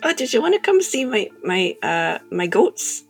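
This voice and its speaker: A woman voicing an absent-minded botanist with an Australian accent, who mumbles through a clenched jaw and keeps losing track of what she is saying, with soft music behind. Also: a little high, sing-song, moderate pace. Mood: dotty, forgetful. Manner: forgetful, wandering, easily sidetracked.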